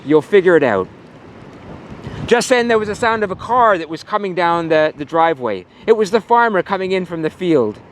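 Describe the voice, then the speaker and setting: A male pastor preaching casually outdoors, telling a children's story. His voice sits high and swings widely in pitch, and he uses easy fillers. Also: animated, fairly quick, hardly any pauses, fairly bright tone. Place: outdoors at a farm.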